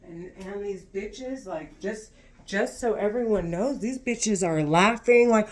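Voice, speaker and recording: A woman's voice: medium pitch, takes it slowly. A woman speaking alone to camera in an agitated, repetitive monologue, full of swearing. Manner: repetitive, swearing, tense ranting. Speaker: vlogger.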